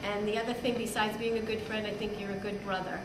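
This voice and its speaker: A middle-aged woman giving an informal birthday toast to her father, halting and giggling, with many fillers. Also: mid-range voice, level tone. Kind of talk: informal party speech. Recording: echoey hall, far mic, loud crowd noise.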